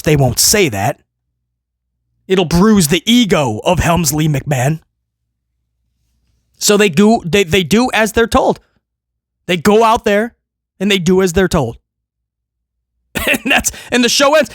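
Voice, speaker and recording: A man's voice: high-pitched, animated, a little slow, long pauses, no room sound. A man hosting a wrestling talk show, ranting in a mocking, exasperated, sarcastic way.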